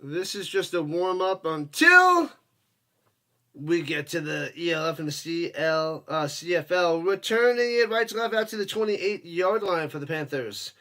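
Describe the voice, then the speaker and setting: A man with a high, forceful voice calls the game live for his stream. He chats casually with viewers between plays and erupts into shouts when something big happens. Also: expressive, measured pace. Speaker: watch-party streamer and host. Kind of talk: casual live play-by-play commentary.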